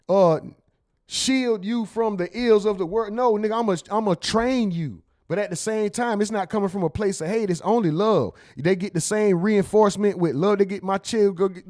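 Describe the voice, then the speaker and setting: A man's voice: high voice, a little mellow. A man hosting, talking bluntly and profanely in casual emphatic commentary. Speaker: host.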